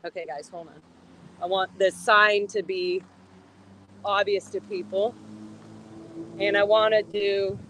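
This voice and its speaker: A woman's voice: mid-range voice, level tone, takes it slowly, long pauses, noisy background. A woman live-streaming outdoors on a phone, chatty and playful, giggling often. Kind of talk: casual live-stream chat. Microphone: phone on a selfie stick.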